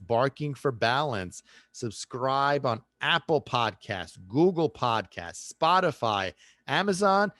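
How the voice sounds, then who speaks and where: Animated American man hosting a podcast. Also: mid-range voice, no room sound, clean studio sound. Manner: animated, playful, drops into Italian phrases. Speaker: podcast host. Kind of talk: casual solo podcast rant.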